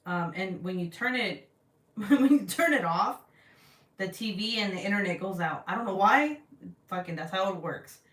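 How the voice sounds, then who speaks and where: Profane, animated woman chatting on a livestream. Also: medium pitch, moderate pace. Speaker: livestream host. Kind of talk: casual livestream chat, reading comments. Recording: roomy, distant from the mic.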